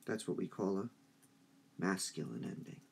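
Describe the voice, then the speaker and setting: A man teaching a high school English review lesson, speaking slowly and deliberately and drawing out stressed syllables. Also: lively intonation, gravelly, darkish tone, slightly rough.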